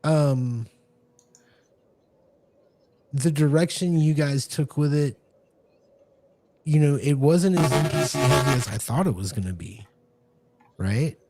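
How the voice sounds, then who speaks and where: A man's voice: on the high side, slow, long pauses, noisy background. A man co-hosting a casual podcast as game master, rambling with many restarts. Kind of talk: casual chat.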